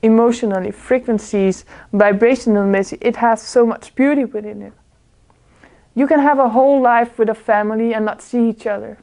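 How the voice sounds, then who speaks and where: Speaking to a small group indoors, a woman gives an informal spiritual talk in a slightly high, mellow voice with a steady tone and moderate pace. She comes across as earnest, often searching for words and laughing frequently.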